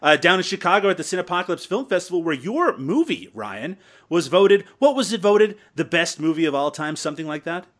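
A man's voice: high-pitched, very animated, fairly quick. A man from Canada hosting a comedic podcast, teasing his guests in a mock-serious, joking way. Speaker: podcast host.

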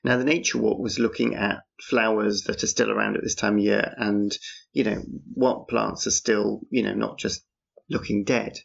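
A man rambles along in a casual monologue, dropping dry, sarcastic asides. His low voice is heavily gravelly and full of fry. The recording is muffled and lo-fi. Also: level tone, normal speed. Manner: wry, dryly sarcastic asides. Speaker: podcaster. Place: outdoors on a street at night.

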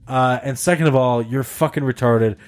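A man telling a long story in casual chat, animated, laughing often and swearing freely. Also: mid-range voice, moderate pace. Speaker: podcast host telling a story.

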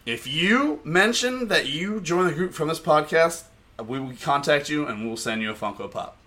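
A man co-hosting a podcast, telling stories loudly with frequent laughter in casual banter. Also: on the high side, animated, moderate pace. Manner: loud, laughing, storytelling. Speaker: podcast co-host.

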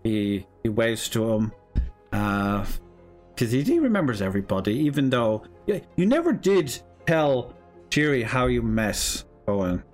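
Brief: forties-ish male game master, easygoing and rambling, with lively intonation. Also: mid-range voice, measured pace, soft background music. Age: 40s. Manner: laughs easily, loose and rambling. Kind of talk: narrating a tabletop game.

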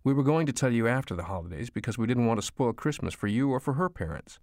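Tired defensive middle-aged son, mid-pitch, dry booth sound, guy reading his own lines. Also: expressive, fast, a little mellow, no echo, close to an everyday voice. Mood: weary. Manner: weary, defensive. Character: weary grown son, divorcing businessman. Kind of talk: audiobook character voice.

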